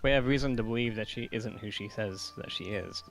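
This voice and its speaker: Lowish-voiced man, hesitant player. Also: brisk, creaky, fairly bright tone, faint music behind. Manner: hesitant, stops to search for words. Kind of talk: in-character tabletop play.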